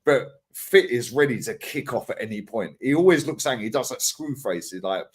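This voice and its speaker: Lively man telling stories. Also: medium pitch, fairly quick, breathy edge. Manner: animated storytelling, acts out quotes, swears freely, lots of slang. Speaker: podcast co-host. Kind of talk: casual chat.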